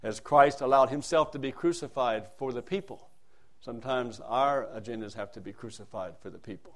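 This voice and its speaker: A man's voice: medium pitch, normal speed. Man preaching with big dynamic swings. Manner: swings between soft asides and loud emphatic lines; reads scripture in a raised declaiming voice. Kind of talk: sermon.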